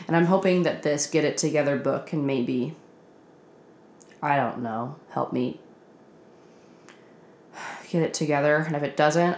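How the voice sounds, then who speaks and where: A vlogger in her twenties rants casually from her apartment, poking fun at herself, cursing frequently and laughing along. She sounds worn out, her voice is lowish, and the audio has a roomy quality.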